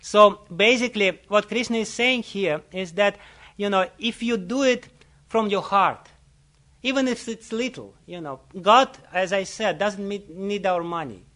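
A man giving a sermon, telling a story in an earnest way with frequent soft laughs and hesitant pauses. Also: high voice. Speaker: religious teacher.

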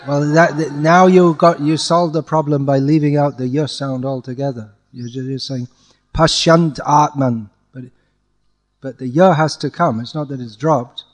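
A man giving a one-on-one lesson in chanting Sanskrit verse. His voice sits a little high for a man. He corrects each slip patiently and breaks into slow, drawn-out chanting to show how the lines should flow. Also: steady tone.

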